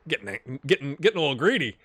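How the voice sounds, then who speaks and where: A man hosting a game channel, giving chatty, excitable live commentary while he plays and talking straight to his viewers. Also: medium pitch, fast, slightly rough, no room sound, studio quality. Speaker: gaming channel host.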